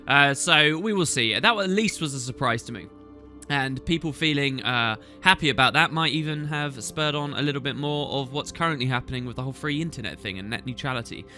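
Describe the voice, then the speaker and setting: A man's voice: mid-range voice, bright, forceful tone. A man hosting a gaming channel, answering viewer questions in a chatty, rambling way as he thinks aloud. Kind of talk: casual Q&A chat.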